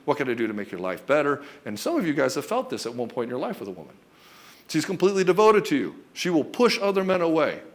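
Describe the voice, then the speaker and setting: A man speaks straight to the viewer as a relationship coach. He is blunt and emphatic, swears freely, and keeps calling the listener dude and brother. His voice sits slightly high for a man. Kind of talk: direct-to-camera coaching monologue.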